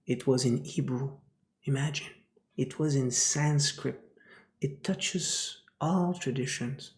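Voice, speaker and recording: Male spiritual teacher: unhurried, chant-like repetition, whispered asides, echoey room. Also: a little high, a little mellow. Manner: dips to whispers, repeats phrases like a chant. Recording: roomy echo.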